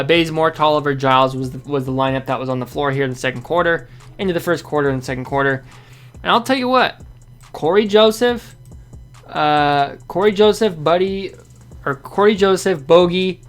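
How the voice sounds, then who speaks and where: A man's voice: on the high side, a bit bright. A man hosting a basketball fan show, giving a casual, rambling game recap that often corrects itself and sounds frustrated.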